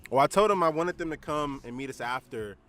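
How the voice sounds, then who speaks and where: A man co-hosting a podcast, telling a personal story in a relaxed, rambling way with lots of fillers. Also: a little high, fairly quick, soft background music. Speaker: podcast co-host. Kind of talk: casual storytelling chat.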